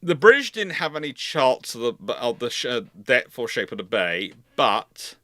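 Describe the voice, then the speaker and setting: A man's voice: mid-range voice, big pitch swings, normal speed, bright, forceful tone, no echo. Chatty man giving a livestream history lecture. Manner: conversational, with fillers and self-corrections. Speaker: naval history lecturer and channel host.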